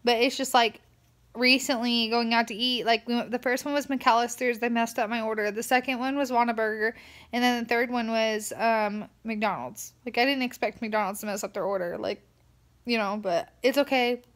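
A young woman talks straight to her camera in a loose, rambling vlog, sounding tired. Her voice sits a little high, and she strings thoughts together with constant fillers. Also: steady tone, moderate pace, a bit bright. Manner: chatty, rambling, lots of "like" fillers. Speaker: vlogger. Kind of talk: casual vlog rant.

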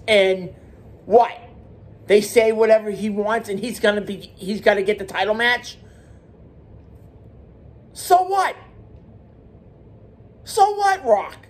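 A man hosting his own wrestling commentary channel, talking alone in a heated, emphatic way, repeating his points and restarting words. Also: high voice. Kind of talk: solo wrestling opinion rant.

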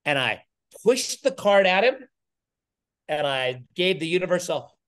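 Energetic storytelling man, slightly high voice. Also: unhurried. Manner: energetic, animated storyteller acting out quoted voices. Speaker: podcast guest, entrepreneur. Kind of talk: storytelling in an interview.

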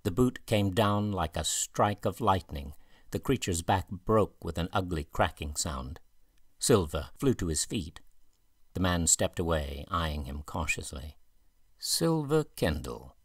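Deep, husky male audiobook narrator. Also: measured pace, dry recording, studio quality. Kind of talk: scripted narration.

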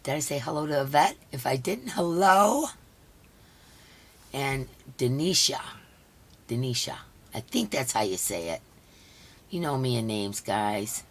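A hoarse woman hosting a casual live stream. She chats along and greets each viewer by name. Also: rumbling low, big pitch swings, moderate pace. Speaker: livestream host.

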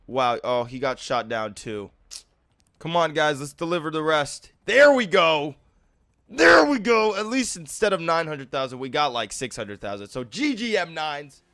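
A young man with a lisp doing live gameplay commentary, who swings between low muttering and loud, swearing rage outbursts. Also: lively intonation, unhurried, no room sound. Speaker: gaming streamer.

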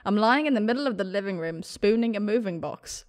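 A woman's voice: medium pitch, animated, a little fast, darkish tone. A young woman giving casual, gushing commentary on a video game she plays, bubbly and often giggling. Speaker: let's play gamer.

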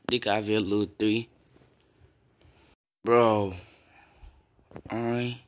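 A young man casually commenting on his own football video game, swearing and breaking into loud yells at big plays. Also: medium pitch. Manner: reactive, swears often, bursts into loud yells.

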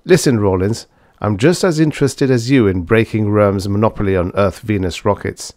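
Quiet determined engineer hero in an old sci-fi audiobook, low voice, a man reading. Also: normal speed, no room sound, clean studio sound, close to an everyday voice. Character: steady young male electronics engineer.

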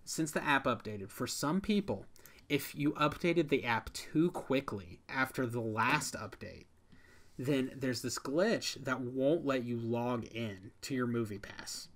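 A man's voice: medium pitch, unhurried, a bit bright. A young man co-hosting a podcast in casual chat, talking loosely with many fillers. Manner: ranting, frequent "like" fillers. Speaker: podcast co-host.

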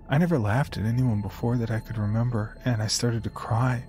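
A man narrating a horror story in a quiet, halting, subdued first-person voice. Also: mid-range voice, fairly even intonation, faint music behind.

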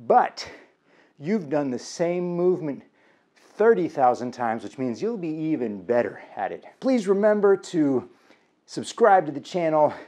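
Male aikido instructor, energetic and encouraging, slightly high and warm-toned. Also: measured pace. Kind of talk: instructional vlog.

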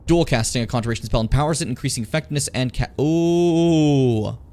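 A man's voice: mid-range voice, rapid-fire. A man streaming a fantasy role-playing game, chatting and joking with his viewers as he plays. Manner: animated, joking, talks to chat. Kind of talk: casual gameplay commentary.

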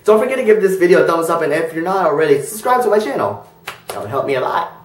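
A man vlogging comically outdoors, pleading and shouting goofily after ducks that ignore him. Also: on the high side, big pitch swings, fast, husky. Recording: noisy outdoor recording.

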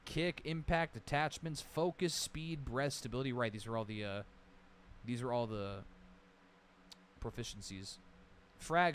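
Male streamer, mid-pitched, loose and rambly, drops a curse here and there, faint background hum. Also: a bit bright. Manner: rambling, nostalgic, swears casually, reads out lists. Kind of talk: casual livestream commentary.

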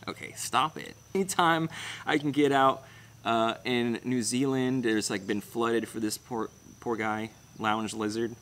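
A man's voice: mid-range voice, a little slow, fairly bright tone. A young man hosting his channel, chatting casually through viewer comments in a rambling, blunt way and swearing freely. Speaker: channel host. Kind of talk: casual livestream comment chat.

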